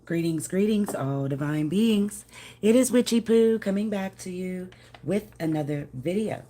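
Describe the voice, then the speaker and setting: A woman's voice: medium pitch, animated, unhurried, mellow. A woman doing a casual live tarot reading, chatty and affectionate, greeting viewers by name. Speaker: tarot reader.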